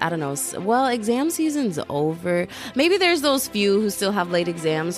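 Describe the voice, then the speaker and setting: A woman's voice: medium pitch, animated, moderate pace, few pauses, over music. A young woman hosting a podcast alone, chatting casually in slang, hyping up her listeners and giggling as she rambles. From United States. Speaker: podcast host. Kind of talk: casual solo podcast chat.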